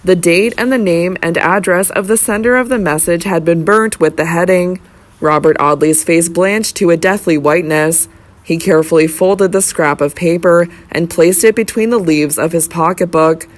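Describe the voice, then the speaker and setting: An audiobook narrator reading a classic novel in a measured, even storytelling manner. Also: medium pitch.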